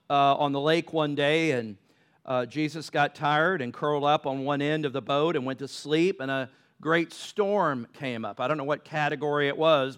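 A man's voice: on the high side, fairly bright tone, smooth. A man preaching a sermon, conversational and rising into impassioned pleas. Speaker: pastor.

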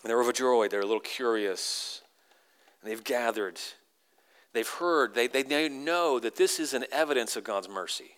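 A pastor preaching a sermon, animated and acting out the crowd's lines in sudden high voices. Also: male voice, normal speed, clear, resonant tone.

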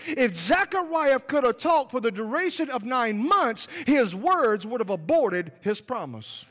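A man's voice: very high-pitched, a bit bright. A man preaching a revival sermon in a church, fervent and emphatic, repeating his points. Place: church sanctuary. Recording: long hall reverb.

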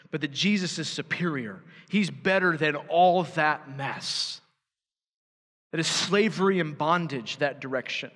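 A man's voice: a little high, a bit bright. A man preaching a sermon as pastor, emphatic and building to fervent urgency. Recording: church hall reverb.

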